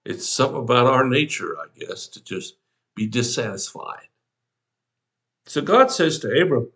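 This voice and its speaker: A man's voice: mid-range voice, sing-song, moderate pace, sharp tone. A man, an older pastor, giving a devotional sermon in a folksy, conversational way, talking straight to the listener.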